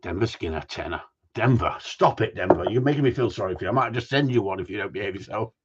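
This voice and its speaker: A man's voice: lowish voice, animated, rapid-fire, background noise. A man hosting a live stream in a casual, jokey way, teasing viewers and reading their comments aloud. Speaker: host of a gundog group live stream. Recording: dull lo-fi sound.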